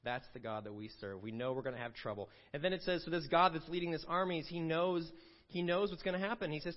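A man's voice: a little high, a little fast. Pastor guy preaching in a church, talks loose and chatty, kinda muffled recording. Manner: conversational preaching with fillers and asides. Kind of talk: sermon. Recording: dull lo-fi sound.

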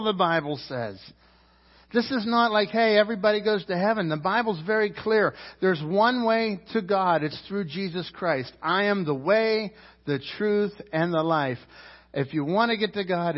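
A man preaching a sermon as pastor, emphatic, swinging from loud climbs to low quiet drops. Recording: roomy church hall, dull lo-fi sound.

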